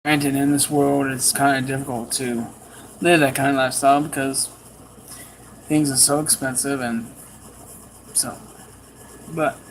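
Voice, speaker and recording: A man preaching a sermon, telling a personal story with animated swings in pitch and pace. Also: a little slow, pauses often, a little hiss or hum, poor audio.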